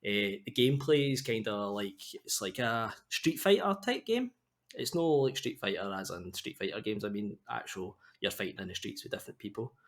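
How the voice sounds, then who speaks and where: A man's voice: on the low side, big pitch swings, moderate pace. A man co-hosting a podcast, explaining things in an easygoing way with fillers. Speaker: podcast co-host. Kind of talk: casual chat.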